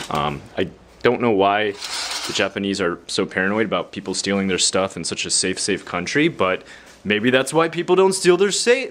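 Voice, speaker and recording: Guy showing off his house on camera, kinda low voice, lots of ums, jokes at his own expense. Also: a bit bright, slight background noise. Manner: rambling and self-deprecating, with many fillers. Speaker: vlogger giving a home tour. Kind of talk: casual home-tour vlog.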